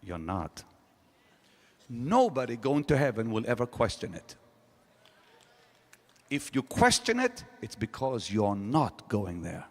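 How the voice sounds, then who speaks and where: A man preaching a sermon to a congregation, emphatic, swinging from loud rising questions to low quiet statements. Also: very animated, slow, pauses often, in a large hall. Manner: emphatic preaching with sudden rises and drops. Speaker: pastor. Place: large hall.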